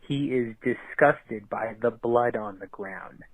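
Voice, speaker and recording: A man on a voicemail reading a screenplay aloud in a flat monotone. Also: medium pitch, slow pace, no echo, low-quality recording. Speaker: caller reading his script aloud.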